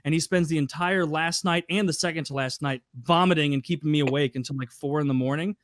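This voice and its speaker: A man's voice: a little high, fast talker, dry recording, clean studio sound. A man on a podcast, telling casual, profane anecdotes with a wry edge. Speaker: podcast regular. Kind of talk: casual storytelling.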